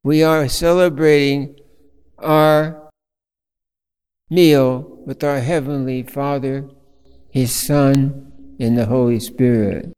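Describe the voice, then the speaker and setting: A man preaching a sermon as a priest, telling a story slowly with fillers and restarts. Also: mid-range voice, fairly even intonation, a little mellow, smooth, in a large hall.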